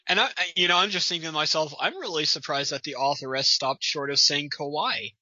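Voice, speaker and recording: A man's voice: a little high, a little fast, bright, forceful tone, no echo, muffled recording. A man co-hosting a comedy reading show, making wry, stammering remarks and mild exclamations. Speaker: podcast co-host. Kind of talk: comedic commentary.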